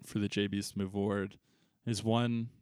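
A man's voice: fairly low pitch, flat delivery, unhurried, a little mellow, clear, resonant tone, no room sound, studio quality. A man co-hosting a casual film review podcast, laid-back and joking, swearing casually. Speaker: podcast co-host.

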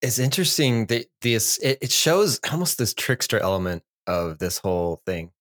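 Forties male co-host, relaxed and reflective, talks through big ideas. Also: medium pitch, moderate pace. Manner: reflective, musing on psychology and myth. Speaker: podcast co-host. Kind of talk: casual podcast chat.

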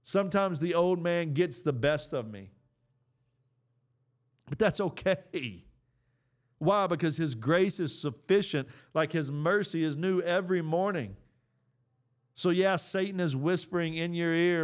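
A man's voice: on the high side, a little slow, pauses often. A middle-aged man hosting a faith podcast, talking in an earnest, exhorting preaching style with casual fillers. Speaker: podcast host.

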